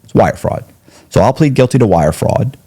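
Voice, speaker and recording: A man, a podcast guest, telling his story in conversation, quick restarts and quoted dialogue. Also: medium pitch, lively intonation, dark tone, slightly rough.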